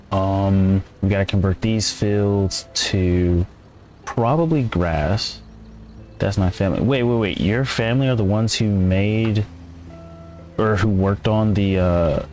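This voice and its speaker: Casual male streamer, slightly low voice, chats loosely with viewers, faint music underneath. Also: darkish tone. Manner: chatty, rambling, reads and answers chat. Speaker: gameplay streamer. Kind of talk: casual live-stream commentary.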